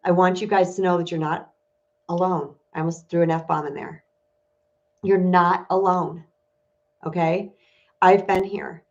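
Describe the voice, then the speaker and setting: Woman spiritual coach, confessional livestream delivery, lowish voice, muffled webcam sound. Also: steady tone, measured pace, pauses often. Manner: candid, emotional, confessional. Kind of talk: casual livestream talk to viewers. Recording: dull lo-fi stream audio.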